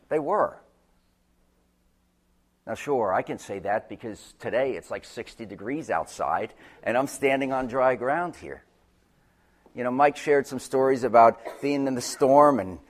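A man preaching a sermon, moving between loud urgent peaks and quiet, low passages. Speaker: pastor.

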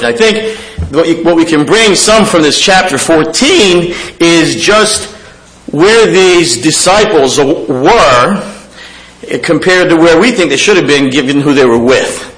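A man's voice: a little high, unhurried, a bit bright, poor audio. A man with a nasal voice, speaking as a guest preacher in a church, giving a sermon and reading scripture aloud, with frequent fillers and restarts.

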